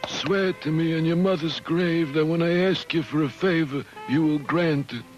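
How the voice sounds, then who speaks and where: An actor voicing an aging mob boss father, gravelly and mumbling, in a 1970s cartoon over music. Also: a little high, normal speed, highs cut off, close to an everyday voice. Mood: pompous.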